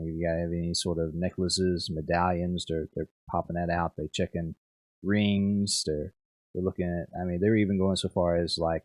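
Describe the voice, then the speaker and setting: Low-voiced man running a tabletop game. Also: dry recording. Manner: rambling, filler-heavy, repeats words. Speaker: game master.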